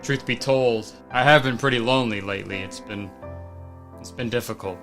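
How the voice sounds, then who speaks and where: A man voicing a lonely old man who eats alone, speaking quietly and haltingly with a lowered voice. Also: soft background music, lightly acted. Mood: wistful.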